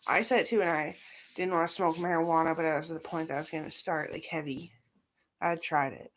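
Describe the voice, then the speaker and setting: A woman's voice: deep voice, fairly even intonation, brisk. A middle-aged woman talking in a rambling, casual monologue, profane and scattered, jumping from aside to aside. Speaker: vlogger.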